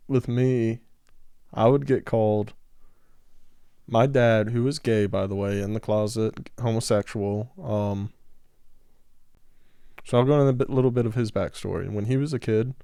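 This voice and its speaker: A man's voice: fairly low pitch, steady tone, a little slow, creaky, long pauses, warm tone, clean tone, no echo, studio quality. A man from Georgia, talking frankly and candidly in a casual podcast conversation.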